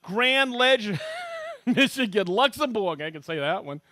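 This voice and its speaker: Middle-aged host from Maine, high and bright, dry close sound; chatty, jokey live-stream presenter reading out viewer shout-outs. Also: male voice, moderate pace, dry recording. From Maine, USA. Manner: chatty, jokey, reads out viewer locations with bursts of excitement. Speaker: livestream host demonstrating tools.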